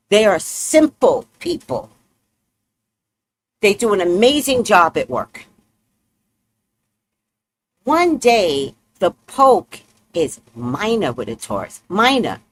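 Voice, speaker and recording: A woman's voice: medium pitch, slight background noise. Woman host on a livestream, blunt, tells it like it is, voice bouncing all over, laughs a lot. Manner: blunt and outspoken; animated storytelling with laughs. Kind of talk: casual livestream chat.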